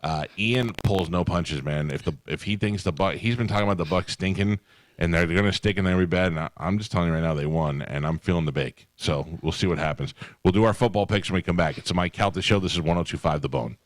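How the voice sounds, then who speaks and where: A man's voice: deep voice, no echo. A middle-aged man hosting a radio show, chatting casually and telling joking stories. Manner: storytelling, joking, quick asides. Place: radio studio. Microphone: studio microphone.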